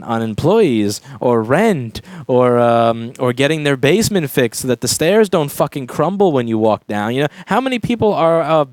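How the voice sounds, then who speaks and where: A man's voice: medium pitch, smooth, no echo. A man who runs a repair shop, giving an emphatic, profane vlog rant. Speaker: repair shop owner and YouTuber. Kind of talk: ranting vlog monologue.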